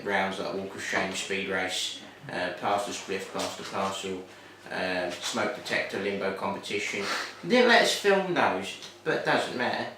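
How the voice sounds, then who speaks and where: A man's voice: deep voice, bright, forceful tone, slight background noise. A young man with a Cockney accent, a student answering interview questions in a rambling way, full of "sort of" and "like". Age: young adult. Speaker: TV production student. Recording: very echoey room, distant mic.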